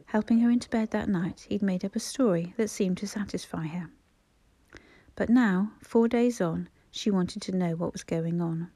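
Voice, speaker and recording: Woman audiobook narrator, soft and hushed, warm dark tone. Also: mid-range voice, normal speed, dry recording. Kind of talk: scripted narration.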